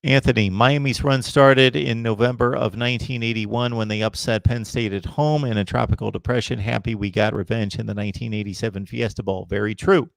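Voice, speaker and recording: A man's voice: medium pitch, steady tone, a little fast, creaky, few pauses, no echo. Guy running a college football livestream, firm opinions, mid voice, dry close sound. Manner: opinionated, emphatic, answers viewer comments. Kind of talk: casual live chat reading comments.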